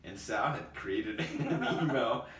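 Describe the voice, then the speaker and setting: A man hosting a podcast, telling old work stories in a casual, animated way, laughing often and calling his friend dude and bro. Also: mid-range voice, slow. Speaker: podcast host. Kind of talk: casual storytelling chat. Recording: roomy echo, distant mic, faint noise.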